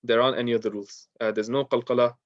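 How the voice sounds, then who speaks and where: A man's voice: mid-range voice, flat delivery, rapid-fire, no echo, dull audio. A man teaching an online Quran recitation class, patient and repetitive, with frequent ums and uhs.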